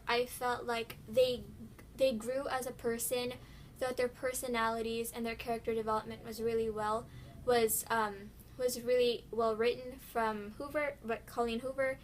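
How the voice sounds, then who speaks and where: A woman's voice: fairly high pitch, a bit bright, slight background noise. A teenage girl chatting casually and gushing about books on her vlog, with lots of fillers and restarts. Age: teens. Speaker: book vlogger. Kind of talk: casual chat.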